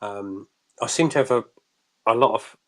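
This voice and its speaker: A man's voice: on the low side, normal speed. Co-host, man in his late thirties, Cambridge accent, chatty and giggly, casual live chat over a phone. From Cambridge, England. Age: late 30s. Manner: chatty, laughs often, restarts sentences. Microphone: mobile phone.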